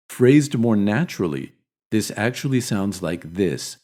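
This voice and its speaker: A man with a General American accent narrates a scripted pronunciation lesson. His voice sits very low, and he takes his time over every word. He models each sound deliberately, repeating it so learners can follow. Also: expressive, darkish tone. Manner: deliberate, slowly demonstrates sounds. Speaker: English pronunciation teacher.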